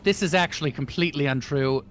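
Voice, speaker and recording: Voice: medium pitch, fast, soft background music. A player in a tabletop game, joking in playful, boastful banter. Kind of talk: tabletop role-play chat.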